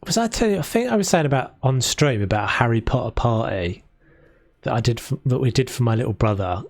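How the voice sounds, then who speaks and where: A man's voice: mid-range voice, lively intonation, fast, dry recording. Chatty London-accented male streamer, rambling and casual, dry close sound, mid-range voice. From South London. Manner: chatty and rambling, with frequent restarts. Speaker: game streamer. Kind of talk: casual live-stream chat while building.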